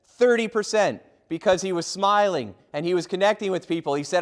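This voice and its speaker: A middle-aged man giving a humorous motivational keynote, telling lively stories and acting out the voices of people in them. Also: sits high, fairly quick. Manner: lively, acts out quoted voices. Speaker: motivational speaker.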